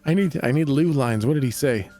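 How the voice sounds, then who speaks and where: A man narrating as game master of a tabletop game, halting with many fillers. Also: medium pitch, warm tone, soft background music. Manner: hesitant, full of fillers.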